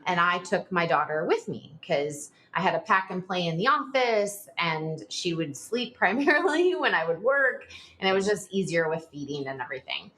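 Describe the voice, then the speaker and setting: A woman in her forties, a podcast guest telling a personal story in a rushed, animated way, full of "like" fillers. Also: on the low side. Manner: animated, talks in a rush with frequent "like" fillers.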